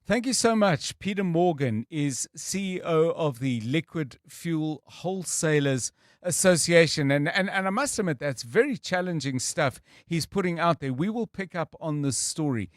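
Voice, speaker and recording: A man's voice: a little high, animated, normal speed, dry recording, studio quality. A South African man hosting a talk radio show, conversational as he reads out listener messages. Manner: conversational, chuckles while reading listener messages. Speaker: radio host.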